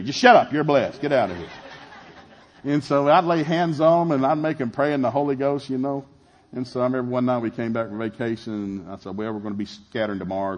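A middle-aged man preaching a sermon, telling a family story with animated, shouted retellings. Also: mid-range voice, fast talker. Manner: animated, shouting in acted-out scenes, laughing. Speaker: pastor.

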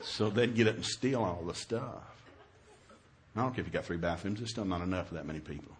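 A middle-aged man with a low voice and a slightly quick pace preaches a humorous sermon. He tells stories in a jokey, animated way, breaking out in sudden loud exclamations.

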